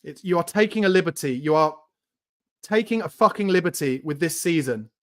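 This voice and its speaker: This watchalong host sounds a little high and expressive, talking fairly quickly. He calls the match live, ranting angrily and swearing about his team, with sudden bursts of shouting.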